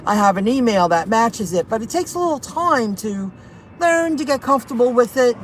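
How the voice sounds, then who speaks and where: A woman's voice: fairly high pitch, expressive, normal speed. A woman rideshare driver chatting casually to her viewers, telling an indignant story and reading out their comments. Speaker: rideshare and delivery driver vlogger. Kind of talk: casual venting chat to viewers. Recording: noisy car and street background.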